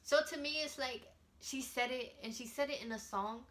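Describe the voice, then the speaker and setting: A woman's voice: high-pitched, normal speed, noisy background. A woman talking casually to her vlog audience in an outspoken, emphatic way, with plenty of slang. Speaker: vlogger.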